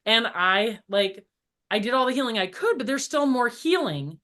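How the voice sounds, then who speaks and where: Middle-aged woman, casual podcast guest, animated, chatty, lots of fillers. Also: on the high side, normal speed. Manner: animated storytelling, acts out voices in quotes; frequent "like" fillers. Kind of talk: casual spiritual chat.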